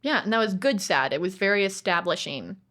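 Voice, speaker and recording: A woman's voice: mid-range voice, big pitch swings, a little fast, fairly bright tone. A woman co-hosting a podcast, chatting casually about movies in a digressive way and acting out other people's lines. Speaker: podcast co-host.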